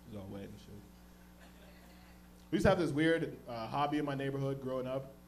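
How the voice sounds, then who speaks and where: A man from the Toronto area doing a stand-up comedy set on a club stage, telling stories loudly and jumping into high-pitched voices for other characters. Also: a little fast, background noise. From Toronto area, Canada. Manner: loud, animated storytelling, jumps into high-pitched voices for characters.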